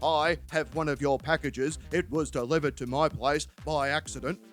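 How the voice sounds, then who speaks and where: A man voicing his blunt mate, who speaks in a deep, gruff, flat and matter-of-fact way, slightly louder than usual. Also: moderate pace, soft background music, close to an everyday voice. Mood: deadpan. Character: deadpan blunt adult male mate Terry.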